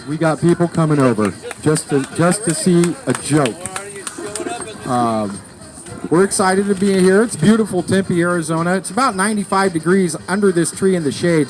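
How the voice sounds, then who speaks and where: Rambling, joking male comedy show host. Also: on the high side. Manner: rambling, joking, stumbles over names. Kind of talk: comedy show emcee intro. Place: outdoors in a city park under a tree.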